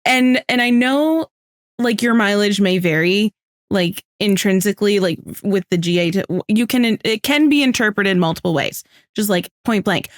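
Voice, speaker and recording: A woman's voice: medium pitch, normal speed, no echo, studio quality. A woman co-hosting a casual podcast, giving wry, emphatic commentary on a TV episode. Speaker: podcast co-host. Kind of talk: casual chat recapping a TV episode.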